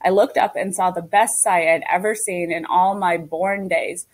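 A woman's voice: lowish voice, moderate pace, rough recording. Woman narrating a children's audiobook. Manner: steady storytelling as a young girl. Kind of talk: scripted first-person audiobook narration.

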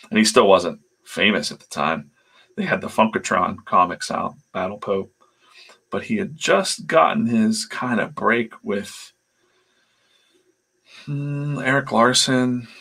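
Raspy low guy rambling through comic-industry stories on a stream, gravelly edge. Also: pushed and bright. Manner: rambling, swears, laughs between anecdotes. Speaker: comic artist and channel host. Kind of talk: casual storytelling on a livestream.

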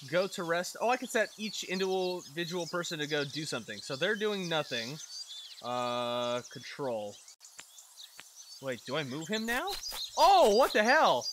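A man's voice: on the high side, noisy background. A young man casually commenting on a video game while he plays, rambling, talking to himself and easily startled. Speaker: let's play gamer.

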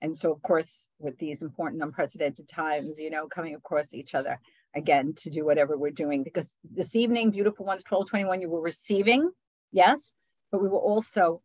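A woman hosting a spiritual group video call, talking gently and affectionately, often adding "right?" and soft laughs. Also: sits low, fairly quick, no echo, poor audio. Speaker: spiritual session host.

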